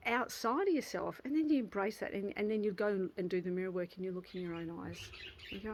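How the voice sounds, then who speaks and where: A woman in her fifties talks straight to camera in a casual motivational vlog. Her voice sits at an ordinary mid pitch. She speaks earnestly and from the heart, circling back and restarting her phrases as she works her thoughts out aloud. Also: fast talker, rough recording. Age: 50s. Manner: earnest and heartfelt, with frequent restarts and soft laughs. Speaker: channel host.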